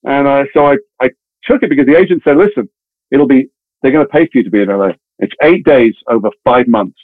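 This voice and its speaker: A man tells his story at a rapid clip and jumps into lively quoted voices of the people in it. His voice is mid-pitched, and the sound is dry and narrow like a phone line, with no room around it. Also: no echo. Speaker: actor telling stories. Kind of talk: casual anecdote in a podcast interview. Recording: tinny phone-like audio.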